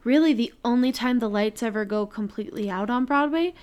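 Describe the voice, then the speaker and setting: A woman co-hosting a podcast, speaking in a thoughtful, measured way. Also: on the high side, darkish tone, clear, resonant tone. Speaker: podcast co-host. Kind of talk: casual podcast chat.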